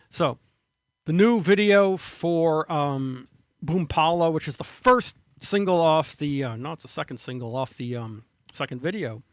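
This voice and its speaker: Profane, rambling high-voiced man. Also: no echo, studio quality. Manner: profane, digressive, excitable. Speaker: podcast host. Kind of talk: rambling solo commentary.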